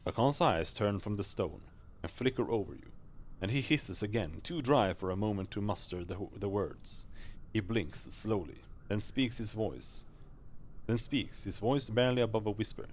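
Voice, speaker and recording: A male streamer reading a game's narration aloud live, steady with small slips and restarts. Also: lowish voice, normal speed, a little hiss or hum.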